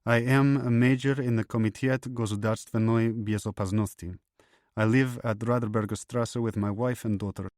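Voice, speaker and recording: A man voicing a calm young male Russian intelligence officer who answers formally and without hesitation, over loud background music. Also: lowish voice, normal speed, dry recording, studio quality, lightly acted. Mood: composed. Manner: steady, unhesitating, formal. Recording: loud music bed under voice.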